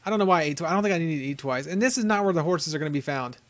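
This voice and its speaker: Male let's-play host, high voice, rambling and chatty with frequent laughs. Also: expressive, rapid-fire. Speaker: gaming channel host. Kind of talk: casual let's-play commentary.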